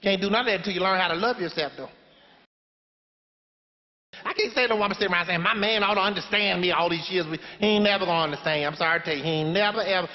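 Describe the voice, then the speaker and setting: A man's voice: high-pitched, close to an everyday voice. A man playing a sassy, preachy older grandmother in a stage play monologue, handing out blunt, folksy, sermon-like life advice. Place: theater stage before a live audience. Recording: dull live stage recording in a reverberant hall.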